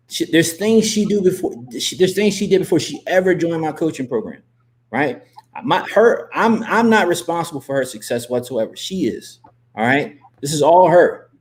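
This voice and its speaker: A man hosting a live interview as a coach, talking emphatically and repeating himself as he gives shout-outs and pep talk. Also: fairly high pitch. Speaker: host and coach. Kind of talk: motivational livestream talk.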